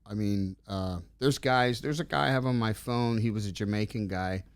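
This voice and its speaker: A middle-aged man telling stories in a casual interview, rambling and animated as he acts out the dialogue. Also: on the low side, moderate pace, clean tone, no room sound. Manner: rambling, animated storyteller acting out quoted dialogue. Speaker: interview guest.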